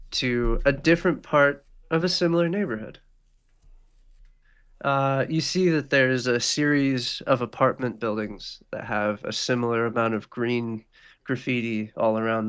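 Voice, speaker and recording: A man's voice: medium pitch, normal speed, fairly bright tone, clear, resonant tone. A man running a tabletop game as game master, describing scenes in a loose way with lots of fillers.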